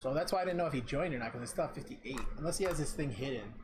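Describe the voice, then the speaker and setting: A young adult game streamer chatting casually and excitably from home, thanking viewers by name. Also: mid-range voice, racing. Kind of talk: casual live-stream chat. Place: home room. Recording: keyboard typing noise behind.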